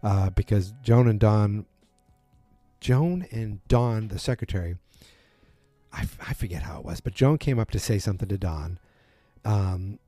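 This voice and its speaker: A man's voice: fairly low pitch, unhurried, dry recording, faint music behind. Rambling man recapping a TV episode. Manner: rambling, self-correcting, animated quotes. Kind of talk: casual spoken recap.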